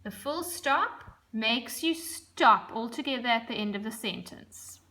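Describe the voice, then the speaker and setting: A woman schoolteacher with a high, bright voice gives a recorded lesson to young children. She talks slowly and clearly. Her delivery is gentle and expressive. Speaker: primary school teacher.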